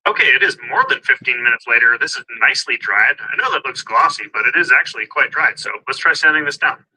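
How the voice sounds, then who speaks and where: A man's voice: medium pitch, expressive, quick pace, background noise. A man walking viewers through a do-it-yourself car job in casual, step-by-step how-to narration. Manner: step-by-step explaining, plain and upbeat. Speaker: DIY car vlogger.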